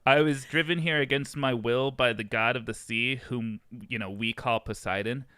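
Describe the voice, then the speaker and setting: A man's voice: medium pitch, steady tone, moderate pace, bright, forceful tone, clear, resonant tone, no echo, close to an everyday voice. A man voicing a proud young Trojan prince with haughty, formal speech.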